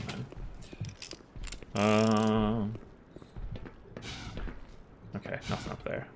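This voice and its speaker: A man's voice: fairly low pitch, background noise. Playful man narrating a video game. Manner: playful, joking, talks to game characters. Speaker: gaming channel host. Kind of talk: let's-play commentary.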